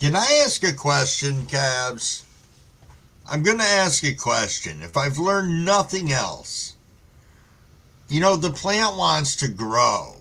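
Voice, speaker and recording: A man's voice: on the high side, big pitch swings, slow pace, gravelly, pushed and bright. A man hosting a live stream, chatting casually with viewers in a laid-back, rambling way and swearing freely while stoned. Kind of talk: casual chat reading viewer comments.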